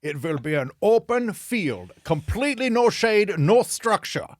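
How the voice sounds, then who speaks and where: A man's voice: sits high, big pitch swings, unhurried, no room sound, studio quality, pitched above the performer's own voice. A man voicing a stern old German immigrant patriarch, commanding and drawn out, in a mock German accent.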